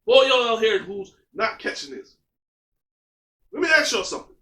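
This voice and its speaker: A man's voice: sits high, big pitch swings, moderate pace, bright, forceful tone. A man giving a motivational monologue in an emphatic, repetitive style, stacking lists and rhetorical questions. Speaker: motivational speaker. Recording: roomy echo.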